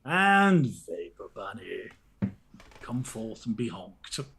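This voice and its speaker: A man co-hosting a casual live stream, playfully greeting chat viewers by name with bursts of loud laughter. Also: on the low side, sing-song, takes it slowly, vocal fry, slight background noise.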